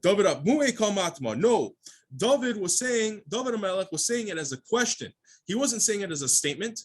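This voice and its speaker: During his daily Talmud class, a rabbi reads the Aramaic text phrase by phrase and explains it in plain English, frequently restarting as he hunts for wording. His husky voice is fairly high for a man, animated, and a little fast.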